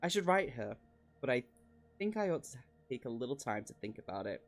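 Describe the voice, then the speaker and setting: A man's voice: medium pitch, sing-song, a little fast, faint music behind. A determined woman warrior setting up a shop, read aloud by a man in his own middling voice. The reading is casual and unpolished, with small restarts.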